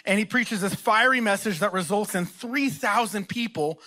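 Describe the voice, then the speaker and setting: A man preaching a sermon as a location pastor, his voice pitched high and bright. He tells self-deprecating stories in an animated way before turning to scripture. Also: normal speed. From Texas. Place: church auditorium.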